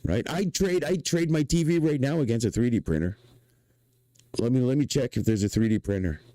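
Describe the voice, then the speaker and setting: A man from Canada with a Quebec French accent, ranting excitably on a livestream, swearing and saying "man" again and again. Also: medium pitch, a little fast, dry recording. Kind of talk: casual livestream rant.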